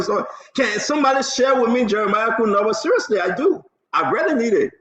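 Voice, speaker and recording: A man with a Liberian English accent hosting a live radio talk show, animated and joking, laughing often and pleading with listeners. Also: very high voice. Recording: echoey room, dull lo-fi sound.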